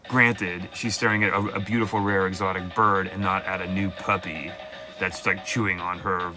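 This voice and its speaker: A tarot reader running a live call-in show, he keeps things lighthearted and lively for his viewers, breaking into silly impersonations. His low voice moves at a moderate pace while faint music plays behind him.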